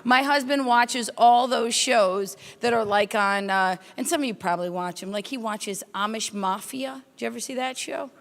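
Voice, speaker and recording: A woman's voice: fairly high pitch, creaky, fairly bright tone. A woman doing brash stand-up comedy with crowd work, hosting a corporate welcome night at a hotel conference. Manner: brash, teasing, rapid storytelling. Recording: echoey hall.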